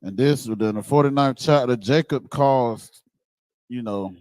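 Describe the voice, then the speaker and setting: A man giving a blunt, casual preaching talk, animated and swearing freely. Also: mid-range voice, a little slow, no echo. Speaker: speaker on a religious group's show.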